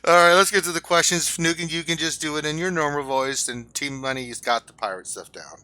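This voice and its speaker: A man's voice: a little high, brisk, pushed and bright, rough recording. A man hosting a casual gaming stream, teasing his co-hosts and steering the talk. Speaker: stream host.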